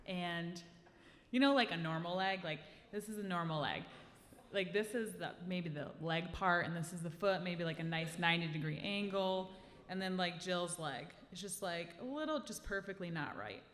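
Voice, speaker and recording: A woman telling a personal story live on stage into a handheld mic, animated and acting out the scene for the audience. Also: lowish voice, normal speed. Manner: lively, animated, acts out the scene. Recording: live hall reverb, faint room noise.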